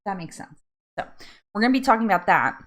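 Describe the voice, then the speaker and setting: A woman's voice: medium pitch, lively intonation, fast talker, a bit bright. A woman from New Jersey hosting a casual live chat from home, chatty, laughing often and drifting off on tangents. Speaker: live stream host.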